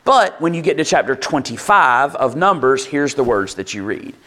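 A man's voice: mid-range voice, animated, normal speed, pushed and bright. A man preaching a conversational sermon to his congregation, with asides and restarts, acting out quoted lines in a livelier voice. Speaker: pastor.

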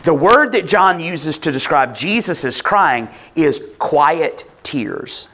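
Male pastor, high and animated, conversational sermon delivery. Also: slow. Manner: animated, conversational preaching with rhetorical questions. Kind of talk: expository sermon.

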